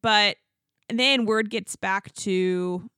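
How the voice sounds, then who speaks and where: Bright-voiced chatty woman. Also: mid-range voice, extremely slow, smooth, no echo, studio quality. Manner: chatty, quotes people in animated put-on voices, laughs often. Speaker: podcast co-host. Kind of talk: casual chat recapping reality TV.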